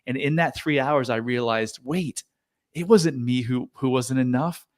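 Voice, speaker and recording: A man's voice: medium pitch, unhurried. A man hosting a podcast, speaking in an earnest, enthusiastic way in casual conversation. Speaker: podcast host.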